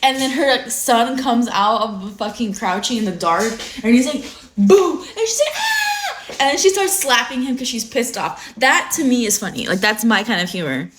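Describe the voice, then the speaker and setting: Freshly awake, a young woman from California chats casually on her phone livestream, rambling with plenty of fillers and swearing freely. Her fairly high, bright voice has lively intonation, moving at a normal speed with hardly any pauses.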